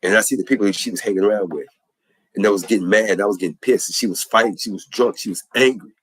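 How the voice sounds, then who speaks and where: A man's voice: fairly low pitch, fast talker, husky, dry recording. A man giving an impassioned spoken testimony, preaching in an earnest, repetitive, emphatic cadence.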